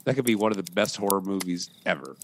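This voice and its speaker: A man's voice: sits low, fast talker, slight background noise. A man in casual chat who laughs a lot and fires off jokey comebacks.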